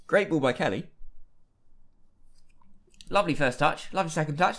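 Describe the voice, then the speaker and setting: A man's voice: a little high, expressive, moderate pace, long pauses. A man casually commentating his own football management game, chatty and given to exasperated outbursts at what happens. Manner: chatty, reacts loudly to match events with exasperated outbursts. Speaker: gaming YouTuber. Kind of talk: casual Let's Play commentary.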